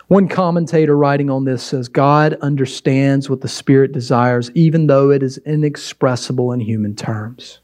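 A man's voice: mid-range voice, moderate pace, hardly any pauses, darkish tone. A pastor preaching a sermon, exhorting with repeated emphatic phrases and shifting his pace for effect.

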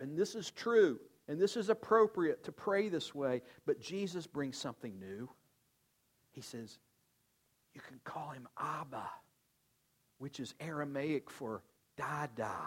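Older male pastor preaching earnestly. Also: slightly rough. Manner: earnest, conversational preaching, drops to soft low tones for emphasis. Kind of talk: sermon.

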